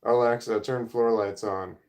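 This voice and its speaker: A man's voice: medium pitch, steady tone, unhurried, a little mellow. A middle-aged man, hosting a casual livestream at home, reading chat and rambling off on tangents. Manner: rambling, easily sidetracked, self-deprecating. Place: home room, indoors. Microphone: camera or phone mic at desk.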